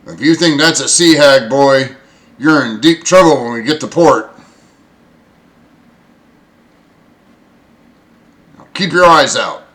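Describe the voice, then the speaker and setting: A man voicing a gruff male ship's bosun who scolds the crew. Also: mid-range voice, moderate pace, a bit bright, voice pushed up, lightly acted. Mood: scolding.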